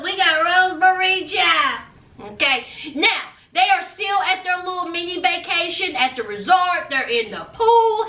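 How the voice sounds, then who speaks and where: A woman giving a sassy, animated TV recap, peppering her talk with "child" and "honey". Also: extremely high pitch. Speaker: reality TV recapper. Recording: echoey room, distant mic.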